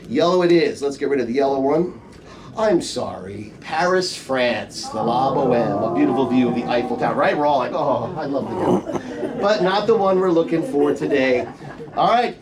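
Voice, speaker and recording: A man's voice: mid-range voice, moderate pace, a loud crowd. A middle-aged man performing a comedy magic show on stage, bantering and teasing volunteers as he leads each trick. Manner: playful, teasing audience banter. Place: theater show room, recorded from the audience. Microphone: audience member's camera from the front row. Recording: distant stage voice with faint room noise.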